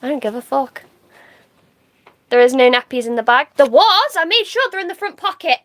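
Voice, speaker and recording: A woman's voice: high-pitched, big pitch swings, a little fast, fairly bright tone. A woman from the UK chatting on a livestream, reading out comments, laughing easily and swearing casually. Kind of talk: casual live-stream chat reading comments.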